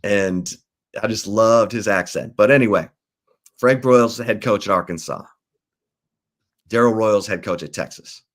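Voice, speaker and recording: A man hosting a sports talk show, telling football history in a relaxed, rambling way with fillers and restarts. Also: lowish voice, moderate pace, pauses often. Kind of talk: casual sports talk and storytelling.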